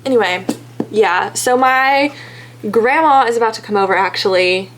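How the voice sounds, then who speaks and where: A woman's voice: mid-range voice, normal speed, fairly bright tone. A woman in her twenties with a Texan accent, talking casually and rambling in a self-deprecating vlog. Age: 20s. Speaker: vlogger. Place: in a car, then at home.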